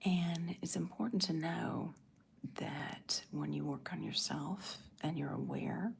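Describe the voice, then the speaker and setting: A middle-aged woman hosting an ASMR livestream, answering chat in a soft breathy whisper. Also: deep voice, slight background noise.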